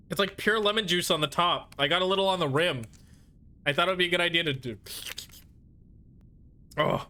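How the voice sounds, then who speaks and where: Bright and forceful, this man's voice sits a little high. He chats casually on his gaming stream, frustrated, muttering to calm himself between bursts.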